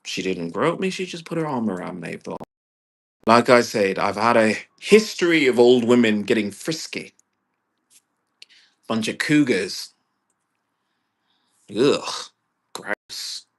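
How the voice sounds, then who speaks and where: Slow-talking exasperated man ranting. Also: lowish voice, animated, creaky. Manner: profane, exasperated, swings from mutters to loud bursts. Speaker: vlogger. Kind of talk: rambling personal rant.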